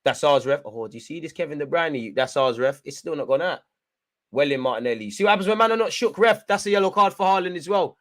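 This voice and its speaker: A young man, his voice sitting a little on the higher side, commentating live on a football match as a fan. He talks straight at the players and the manager as though they could hear him. He lurches from groaning at mistakes to loud hype. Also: quick pace. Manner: excitable, urges players on, swings between frustration and hype.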